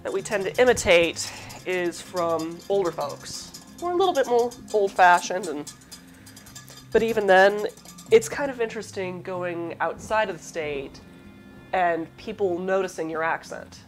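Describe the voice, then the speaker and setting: A woman from the southern US hosts a cooking show, cooking as she chats casually with rambling asides. Her voice is on the low side, animated and a bit slow, carrying a light Southern lilt blended with Midwestern, with faint music in the background.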